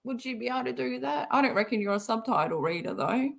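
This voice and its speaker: A woman's voice: a little high, expressive, fast talker, vocal fry. A woman hosting a casual livestream, talking bluntly, swearing freely and laughing often. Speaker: livestream host.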